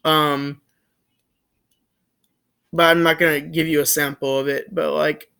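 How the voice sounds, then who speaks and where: A young man with a high voice tells a story in a loose, rambling way. He keeps restarting his sentences and filling pauses. His retelling is joking and animated. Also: gravelly, smooth. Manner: rambling, full of fillers and restarts. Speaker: vlogger. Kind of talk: casual storytelling.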